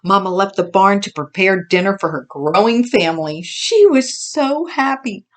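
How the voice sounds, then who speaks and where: A woman reading a children's farm story aloud, expressive and gentle. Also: medium pitch, normal speed. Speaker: storybook reader.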